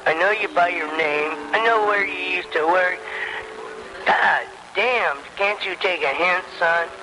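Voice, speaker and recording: A man lectures a rival over the radio at a very slow, deliberate pace. His voice is slightly high. Clear hiss and noise sit under the signal. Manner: slow, scolding. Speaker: CB radio user. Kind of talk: radio banter. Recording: noisy radio transmission.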